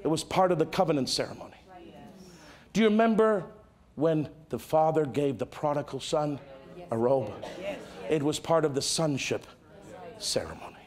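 A male pastor preaching a sermon, dramatic, swinging from loud exclamations to hushed tones. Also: fairly high pitch, moderate pace.

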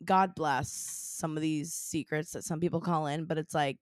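A woman's voice: low-pitched, fairly even intonation, normal speed, no echo, clean studio sound. A woman co-hosting a podcast, chatting casually and playfully, with lots of fillers. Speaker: podcast co-host. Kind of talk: casual chat.

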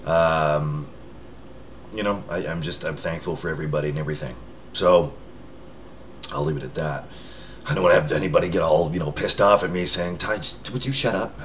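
Sitting indoors by a window under a lamp, a low-voiced man checks in with his followers in loose, rambling vlog chatter full of fillers, restarts and jokes at his own expense. He talks fairly quickly with fairly even intonation and a fairly bright tone, yet leaves long pauses. Light background noise is audible.

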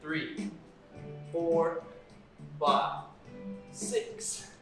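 A man's voice: fairly high pitch, huge pitch swings, very slow. A man coaching a workout on a live stream, explaining exercises and counting reps with upbeat encouragement. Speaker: fitness coach. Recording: echoey room, far from the mic, faint music.

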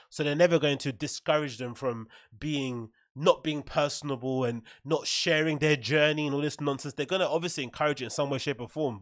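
Brief: male podcast host, brisk and blunt, opinionated monologue, dry close sound. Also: on the high side, fairly bright tone, no echo. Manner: blunt, opinionated, peppered with "right?" and swearing. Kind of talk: casual commentary monologue.

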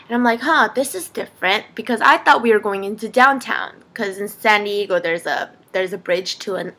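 A young adult woman vlogging, telling a story in a casual, animated way, laughing often and saying "like" a lot. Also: fairly high pitch.

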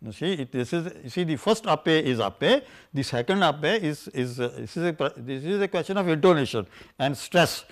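An older man giving an unscripted scholarly lecture on pronunciation, halting with many fillers and "you see", slowing down to chant quoted verses. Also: fairly high pitch, lively intonation. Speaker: scholar lecturing on scripture language.

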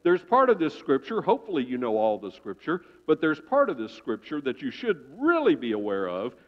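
A man preaching a sermon in church, telling a story with sudden loud swells and quiet hushed drops. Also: on the high side, huge pitch swings, fairly quick. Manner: dramatic storytelling, swelling loud then dropping to a hush. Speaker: pastor. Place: church sanctuary. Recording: dull reverberant church sound.

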